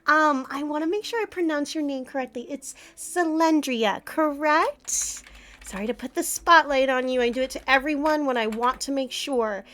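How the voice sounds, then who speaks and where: A woman's voice: high voice, moderate pace, a bit bright. A woman streamer chatting casually with her live audience, flustered and giggling often. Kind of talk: casual livestream chat.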